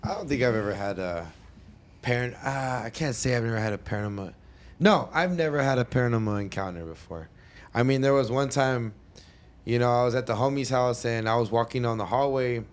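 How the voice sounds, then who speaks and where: A man in easygoing podcast chat, speaking at an ordinary middle pitch. He wanders through his anecdote, correcting himself and stopping to explain details along the way. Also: brisk. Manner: rambling, restarts and explains with asides. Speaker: podcast co-host. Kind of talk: casual chat.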